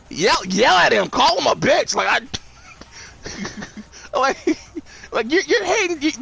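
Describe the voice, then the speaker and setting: A man's voice: very high voice, very animated, unhurried, creaky, long pauses, pushed and bright, faint music behind. A young man streaming a game, rambling profanely with lots of restarts and laughs. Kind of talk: casual commentary while gaming.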